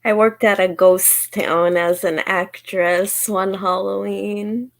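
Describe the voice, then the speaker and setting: A woman, a panel guest, chatting playfully with quick laughing reactions. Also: medium pitch, fairly even intonation. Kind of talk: casual chat.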